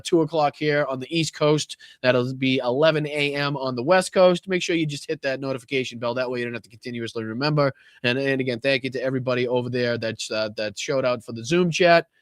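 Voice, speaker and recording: A man's voice: medium pitch, a bit bright, no echo. A man with a Boston accent talks straight to his livestream audience, casual and profane, reading off viewer names one after another. His voice sits in an ordinary middle range. The sound is dry and close. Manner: profane, chatty, thanks viewers by name. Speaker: political livestream host.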